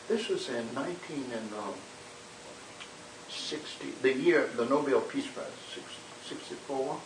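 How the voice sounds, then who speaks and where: An older man, a minister, telling civil rights era stories in an animated, conversational way, with frequent repeated words. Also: mid-range voice, a little slow. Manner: animated storyteller, dramatic quotes, many repeated words. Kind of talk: conversational storytelling interview. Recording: echoey room, distant mic, hiss.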